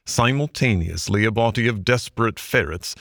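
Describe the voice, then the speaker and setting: Guy reading a storybook aloud, low voice, dry recording. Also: moderate pace, vocal fry, a bit bright, dry recording. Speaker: audiobook narrator. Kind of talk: storybook narration.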